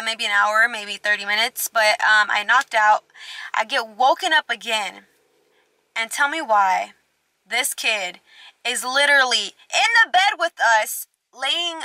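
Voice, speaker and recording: A woman's voice: on the high side, bright, forceful tone, no echo. A young woman telling a casual storytime, chatty and candid, full of "like". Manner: chatty, fillers of "like", candid and blunt. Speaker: vlogger.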